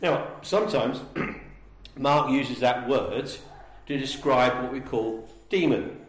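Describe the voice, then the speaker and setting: A man's voice: mid-range voice, slow pace. A man preaching a sermon, emphatic and full of rhetorical questions. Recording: echoey room.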